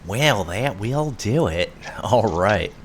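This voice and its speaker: Deep-voiced man running a tabletop game. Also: slow, slight background noise. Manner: relaxed, chatty, laughs easily. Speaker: game master. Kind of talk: casual tabletop game chat and narration. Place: home room.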